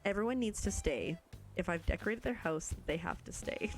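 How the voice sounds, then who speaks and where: A woman's voice: lowish voice, animated, moderate pace, faint music behind. Bubbly woman chatting on stream. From Canada. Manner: bubbly and chatty, reads and answers chat, self-teasing. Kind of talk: casual live-stream chat while playing a video game.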